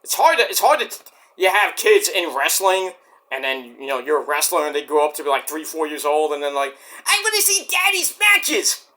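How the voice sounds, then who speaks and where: A man's voice: a little high, fairly quick, fairly bright tone. A man hosting a podcast, rambling casually about wrestling, swearing and acting out little scenes as he goes. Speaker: podcast host.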